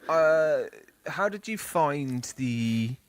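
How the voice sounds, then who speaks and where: A man's voice: on the high side, lively intonation, extremely slow. A man co-hosting a casual podcast review, asking questions and sharing trivia with listeners. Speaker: podcast co-host.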